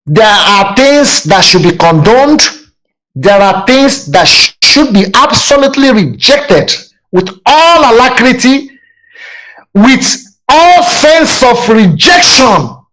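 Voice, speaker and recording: A man's voice: very high voice, lively intonation, slow, fairly bright tone, rough recording. A man with a Nigerian accent, from southeastern Nigeria, giving a fiery, aggressive political talk as a panelist, full of rhetorical questions.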